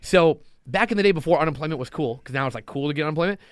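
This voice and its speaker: A man's voice: on the high side, expressive, rapid-fire, clean tone, no room sound, studio quality. A man talking as a podcast guest in casual conversation, emphatic and motivational, driving his points home by repeating them. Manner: emphatic and motivational, hammering points through repetition. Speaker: podcast guest, loan officer.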